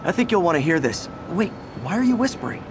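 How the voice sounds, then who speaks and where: An upbeat young hero. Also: male voice, high-pitched, sing-song, fast, background noise. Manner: upbeat, chatty. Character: young male hero, friendly and earnest.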